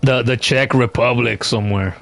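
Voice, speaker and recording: Gravelly-voiced man rambling through a game stream. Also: medium pitch, steady tone, normal speed, fairly bright tone, slight background noise. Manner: rambling, stammering restarts, swears. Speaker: gameplay streamer. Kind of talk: casual let's-play commentary.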